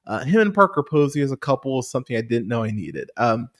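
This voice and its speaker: A man's voice: medium pitch, big pitch swings, quick pace, fairly bright tone. A man hosting a movie podcast, rambling through a profane casual review with lots of restarts and fillers.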